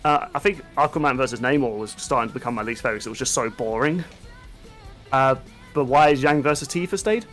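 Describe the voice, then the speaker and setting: A man's voice: medium pitch, quick pace, a bit bright, faint music behind. A man co-hosting a casual podcast chat, rambling and laughing often at himself. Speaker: podcast co-host.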